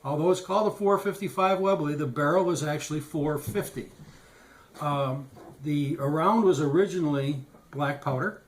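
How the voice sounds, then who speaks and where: Older gunsmith, a touch high. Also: male voice, a little hiss or hum. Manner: relaxed, wandering, many fillers. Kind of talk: casual explanatory tutorial.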